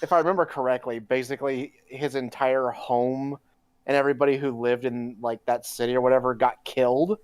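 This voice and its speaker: A man's voice: mid-range voice, fairly even intonation, a little fast, smooth, no echo. A man co-hosting a podcast, casually chiming in and agreeing while talking games. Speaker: podcast co-host. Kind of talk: casual gaming chat.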